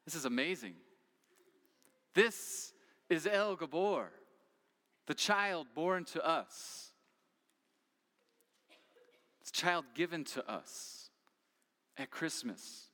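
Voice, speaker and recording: A man's voice: a little high, lively intonation, slow pace, long pauses, bright, forceful tone, in a large hall. A man preaching a sermon as pastor, earnest and posing questions to his listeners.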